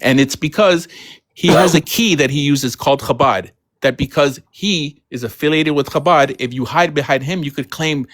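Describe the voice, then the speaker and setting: A man's voice: medium pitch, fairly bright tone, no room sound, clean studio sound. A man on a casual live stream explaining his views earnestly, often adding "you know" and "right". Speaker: guest.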